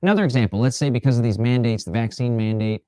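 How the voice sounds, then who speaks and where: A man hosting a livestream motivational talk, lively and prone to mocking imagined people's voices. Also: mid-range voice, quick pace, no room sound. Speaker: livestream host.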